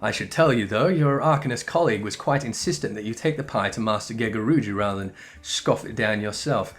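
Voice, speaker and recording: A man's voice: lowish voice, a little fast, natural voice. A man voicing a fussy household cook who chatters primly and eagerly.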